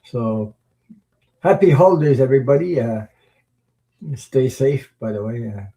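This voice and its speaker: A man hosting a tarot livestream, chatting casually with viewers in a rambling, halting way, with many fillers and chuckles. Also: medium pitch, lively intonation, dark tone, highs cut off. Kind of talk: casual livestream chat reading viewer comments.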